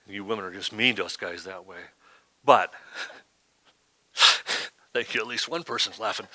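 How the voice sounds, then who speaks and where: A man's voice: fairly low pitch, brisk, bright, forceful tone, no echo. A man preaching a sermon as pastor, talking in a conversational way and often asking "right?".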